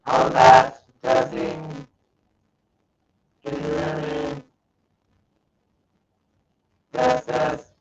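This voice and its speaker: Hosting a casual stream, a man with a higher, creaky voice swings widely in pitch and draws out his words as he clowns around, reads goofy tweets, and says sorry for the bad sound. His distant home mic picks up a roomy, muffled tone and faint noise behind him.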